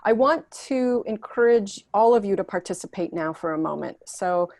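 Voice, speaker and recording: A woman hosting a talk show gathering over a video call, gently guiding participants and reading their chat messages aloud. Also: medium pitch, expressive, normal speed, no echo, clean studio sound.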